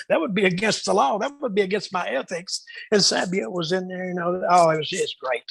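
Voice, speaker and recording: A man's voice: high voice, fairly quick, creaky, a bit bright, breathy edge, low-quality recording. A man in a casual interview, telling rambling backstage stories and acting out the lines of the people in them. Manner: rambling storyteller who acts out quoted dialogue. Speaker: guest storyteller.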